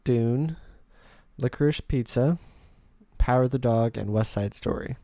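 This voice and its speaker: A man's voice: medium pitch, unhurried, dark tone, dry recording. A young man co-hosting a podcast, chatting casually and laughing often. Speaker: podcast co-host. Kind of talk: casual chat.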